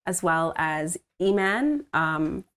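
A woman's voice: lowish voice, expressive, takes it slowly, fairly bright tone. A woman voice-over artist, recording from home, chatting animatedly about her work with frequent laughs and fillers. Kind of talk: casual interview chat.

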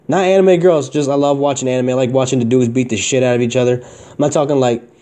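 A man's voice: medium pitch, fairly even intonation, quick pace, dark tone. A young man with a mid-range voice tells his own story on his podcast. He rambles, swears freely and leans on street slang, talking as if to a friend. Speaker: podcast host. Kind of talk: casual solo storytelling.

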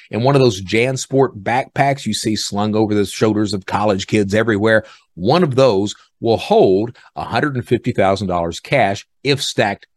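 A man hosting a podcast, telling a story in a casual, animated way and acting out other people's lines. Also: fairly low pitch, no room sound. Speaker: podcast host.

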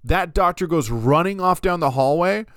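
A man co-hosting a podcast, recapping a film in an animated, storytelling way. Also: fairly high pitch, moderate pace, no room sound. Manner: animated storytelling, acting out scenes. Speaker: podcast co-host. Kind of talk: casual film recap chat.

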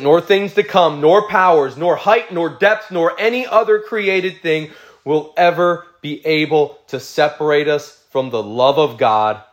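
A man preaching a sermon, reading scripture aloud and explaining it in an earnest way that builds through repeated phrases and turns emotional. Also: a little high.

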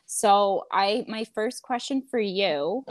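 A young woman co-hosting a podcast in casual, joking banter, sarcastic and quick to swear. Her voice sounds dry and close, with almost no room around it. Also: mid-range voice, expressive, no echo. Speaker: podcast co-host.

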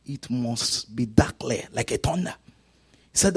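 Gravelly man preaching with dramatic swings. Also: mid-range voice, expressive, unhurried. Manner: dramatic swings from shouting to quiet whispers. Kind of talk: sermon. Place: church service.

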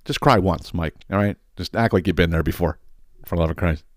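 A man's voice: low-pitched, a little fast, no echo, clean studio sound. A man hosting a podcast, ranting in a casual comedic way. He swears freely and laughs at his own stories. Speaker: podcast host.

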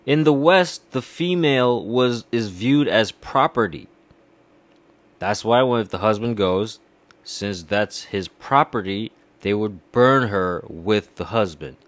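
A man's voice: fairly low pitch, slow pace, no echo. A man from India giving a heated, profane political rant, swearing often and repeating himself. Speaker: commentator.

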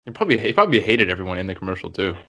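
A young man with a somewhat low voice hosts a laid-back sports podcast among friends. He talks quickly and eagerly, piling up fillers and over-the-top claims for effect. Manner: excitable, quick, exaggerating fan talk. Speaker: podcast co-host. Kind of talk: casual chat.

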